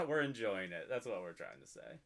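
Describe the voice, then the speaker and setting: A man's voice: on the low side, big pitch swings, normal speed, creaky, a bit bright. A man co-hosting a casual drinking show, joking around and laughing often. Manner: playful, laughs often, reads labels in a mock voice. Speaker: podcast co-host.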